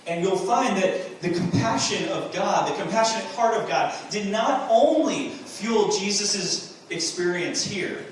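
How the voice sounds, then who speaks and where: A man's voice: high voice, lively intonation, a little slow, hardly any pauses, slight background noise. Echoey preaching man in a sanctuary. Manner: earnest preaching with rhetorical questions, rising to emphatic bursts. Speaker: pastor. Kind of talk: sermon. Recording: very echoey room, mic from a distance.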